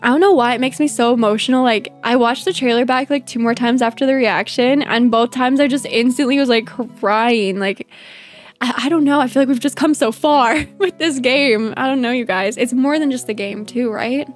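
A woman's voice: a little high, moderate pace. A woman streaming a game in casual commentary, bubbly and gushing, laughing often. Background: faint game music.

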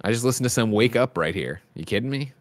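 A man's voice: medium pitch, expressive, fast talker. A man co-hosting a podcast, bantering boisterously and swearing freely. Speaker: podcast co-host. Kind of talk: casual chat.

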